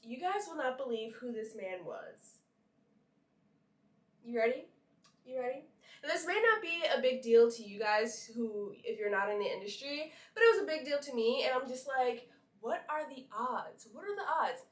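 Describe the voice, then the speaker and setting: A woman's voice: a little high, normal speed. Chatty young woman from Brooklyn, echoey room. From Brooklyn, New York. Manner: chatty, animated, full of likes and asides. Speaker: model and vlogger. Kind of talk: casual storytelling to camera. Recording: echoey room, a bit far from the mic.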